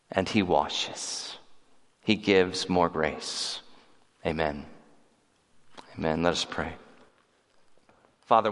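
A man's voice: lowish voice, a bit bright. A male preacher delivering a sermon with rising, repeated emphatic phrases, then leading a closing prayer. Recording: reverberant hall.

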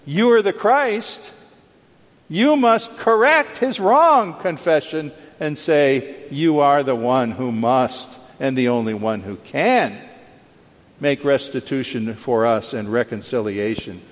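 A man's voice: mid-range voice, animated, takes it slowly. Guy giving a sermon in a church, emphatic, long echo in the room. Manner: emphatic, rises sharply when acting out quoted speech. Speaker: preacher. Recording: long reverb of a large hall.

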